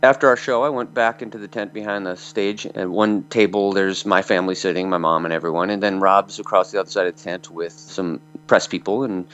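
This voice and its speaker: A man's voice: low-pitched, fairly even intonation, brisk, hardly any pauses, a bit bright, clear, resonant tone. A man in his fifties from Michigan, a metal singer telling rambling anecdotes full of fillers in an interview. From Michigan, USA. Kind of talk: storytelling interview. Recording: dull lo-fi audio.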